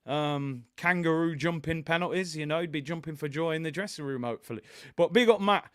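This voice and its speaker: A man with a London accent hosts a casual live watch-along, talking in an animated, chatty way as he reads viewer comments aloud. His voice sits a little higher than most men's. The sound is dry, with no room echo. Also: a little fast, smooth. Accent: London English. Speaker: host.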